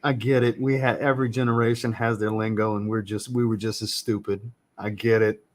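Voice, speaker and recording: Casual, low-voiced man chatting on a livestream. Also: level tone, fairly quick. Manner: blunt, joking, swears casually. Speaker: fragrance reviewer hosting a live chat. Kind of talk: casual livestream chat answering viewers. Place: home room with a fragrance shelf.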